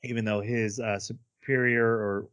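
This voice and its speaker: A man's voice: mid-range voice, flat delivery, fairly bright tone, smooth, dry recording. A man co-hosting a casual podcast, rambling through an anime episode recap and briefly acting out the characters' lines. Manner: rambling recap with quick acted-out character quotes. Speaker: podcast co-host.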